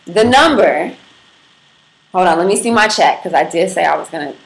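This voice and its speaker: This Brooklyn livestream host has a fairly low, creaky voice with lively intonation at normal speed. Speaking straight to viewers, she's brash, profane and playful, in an echoey apartment with faint background noise.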